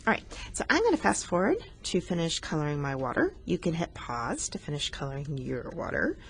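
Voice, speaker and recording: A woman's voice: sits low, wildly swooping pitch, a little fast, creaky. A woman art teacher talking students through a coloring lesson, patient and explanatory, teasing herself now and then.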